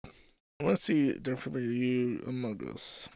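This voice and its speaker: A man's voice: medium pitch, animated, unhurried, vocal fry, no room sound, studio quality. A man hosting a live stream, reading posts and mocking them in a rambling, swearing commentary. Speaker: streamer host.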